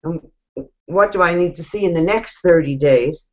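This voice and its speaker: Woman, New York accent, chatty coaching talk, animated, dull lo-fi recording. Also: lowish voice, normal speed. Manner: chatty, animated, laughs often. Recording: dull lo-fi sound.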